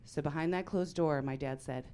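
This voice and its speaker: A woman in her forties performing a stand-up comedy set, telling stories in a deadpan way that breaks into loud outbursts. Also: deep voice, normal speed, clean tone.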